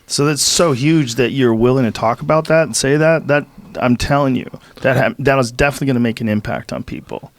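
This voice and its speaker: A man's voice: medium pitch, fairly quick, few pauses. A man hosting a podcast, speaking earnestly and emphatically in casual chat, with some swearing. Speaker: podcast host.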